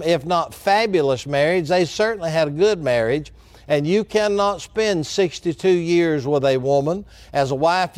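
A middle-aged man delivers a sermon, his voice pitched high for a man. He is earnest and deliberate, slowing down and repeating phrases for weight. The sound is dry and close. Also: a little mellow, no echo. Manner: earnest preaching, slows down for emphasis and repeats key phrases. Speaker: pastor.

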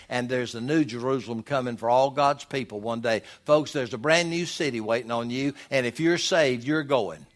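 A man preaching a sermon, reading scripture aloud with loud emphatic swells. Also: medium pitch.

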